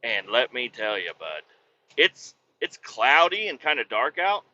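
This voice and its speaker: A man's voice: medium pitch, very animated, measured pace, sharp tone, muffled recording. A man telling profane, joking stories in a casual rambling monologue while driving a truck. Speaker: vlogger. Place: in a truck on a rainy day.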